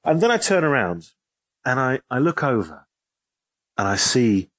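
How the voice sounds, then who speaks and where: A man, an author telling a story in an interview, lively and given to repeating and restarting his phrases. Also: mid-range voice, a little slow, no echo. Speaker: author and guest.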